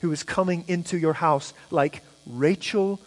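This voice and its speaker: A man's voice: on the high side, a little slow, big-room sound, low-quality recording. A man preaching a sermon, emphatic, asking rhetorical questions and repeating words as he goes. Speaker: pastor.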